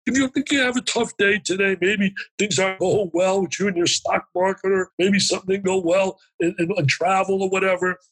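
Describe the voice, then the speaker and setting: A motivational speaker appears as an interview guest, telling an emotional story with animated, emphatic energy and acting out the dialogue as he goes. His voice is high-pitched with a breathy edge, and the audio quality is poor.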